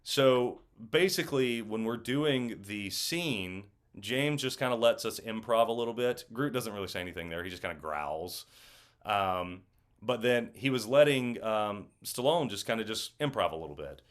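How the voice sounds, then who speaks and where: A young man with a fairly low voice chats as an interview guest. He tells his stories in an animated, casual way, full of fillers and acted-out quotes. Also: moderate pace. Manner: animated storyteller, acts out quotes. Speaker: actor guest.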